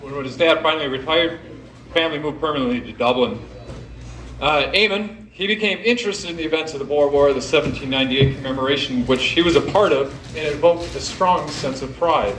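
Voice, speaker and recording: A man's voice: on the high side, fairly quick, fairly bright tone, a little hiss or hum. Jokey man telling a history talk. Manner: jokey, directs audience volunteers. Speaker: event speaker. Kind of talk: informal historical talk to a live audience. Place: pub event room. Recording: echoey room recording.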